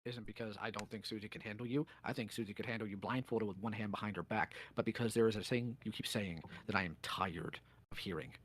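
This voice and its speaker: A man's voice: fairly low pitch, quick pace, a bit bright, slight background noise. A man in a voice-call role-play, sternly lecturing and calling someone out.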